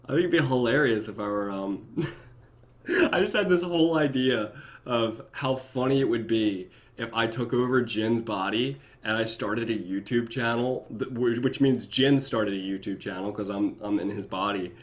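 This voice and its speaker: A young man chatting casually on his own live stream, reading viewer comments and often breaking into laughter and goofy high voices. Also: normal speed. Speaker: YouTube reactor.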